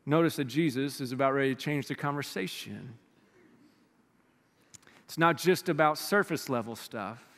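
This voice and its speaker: A man from the United States preaching a sermon, reading scripture and telling stories in an animated way. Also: medium pitch, moderate pace, pauses often, in a large hall. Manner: animated storytelling, acts out quoted voices. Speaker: pastor.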